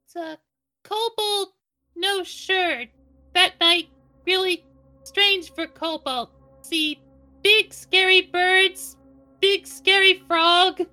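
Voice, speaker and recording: A man's voice: very high voice, fairly even intonation, drawn-out words, pauses often, bright, forceful tone, pitched above the performer's own voice, heavily acted. A man voicing a small, timid, loyal male kobold in a tabletop game, speaking in broken childlike grammar and calling himself by name. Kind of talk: tabletop role-play voice acting.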